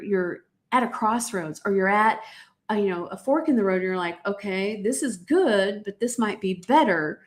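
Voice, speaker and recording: A middle-aged woman talks straight to her live-stream viewers in a motivational podcast. She delivers her points emphatically and repeats key lines the way a preacher does. Her pitch sits in an ordinary middle range. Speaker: podcast host.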